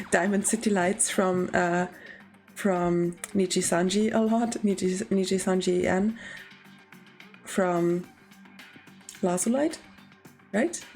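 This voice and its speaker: Giggly young woman streamer. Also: medium pitch. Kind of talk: casual let's-play commentary.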